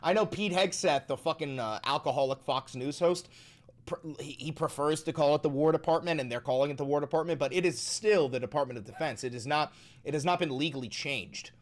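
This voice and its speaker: A man's voice: fairly high pitch, a little fast. A man in his thirties hosting a reaction stream, talking in a profane, emphatic, ranting way. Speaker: political commentary streamer.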